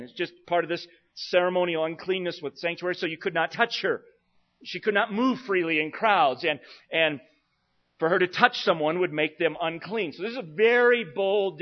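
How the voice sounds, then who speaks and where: A man preaching an expository sermon, earnest, swinging between emphatic passages and quiet ones. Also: high voice. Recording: dull lo-fi sound.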